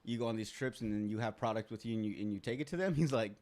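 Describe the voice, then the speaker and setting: एक युवा पुरुष होस्ट, अनौपचारिक बातचीत में किस्से सुनाता और बातें दोहराकर अभिनय करता हुआ।. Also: male voice, lowish voice, rapid-fire. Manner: animated storytelling, acts out quotes. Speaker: podcast host. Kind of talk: casual chat.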